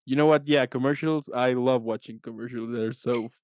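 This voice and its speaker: A man's voice: mid-range voice, steady tone, fairly quick, a little mellow, dry recording. A man hosting a casual interview chat, talking in loose, rambling sentences and often agreeing with his guest. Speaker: host.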